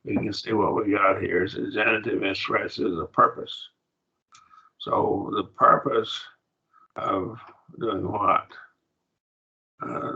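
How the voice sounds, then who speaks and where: Man, classroom teacher, gravelly, bright tone, dull lo-fi recording. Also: fairly low pitch. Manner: patient, repeats words while explaining. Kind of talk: classroom grammar lecture.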